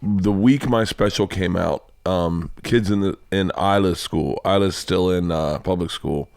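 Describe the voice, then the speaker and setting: A man hosting a podcast, chatting loosely with quick, profane reactions. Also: deep voice, darkish tone, no echo, studio quality. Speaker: podcast host. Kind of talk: casual podcast chat.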